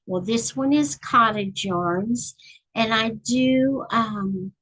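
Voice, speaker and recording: A middle-aged woman from Texas hosts a relaxed live stream, chatting with whoever drops by. She talks at an unhurried pace with a slightly husky voice. Now and then she counts stitches aloud as she crochets. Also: on the high side, poor audio. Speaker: channel host reading books. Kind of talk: casual live-stream chat.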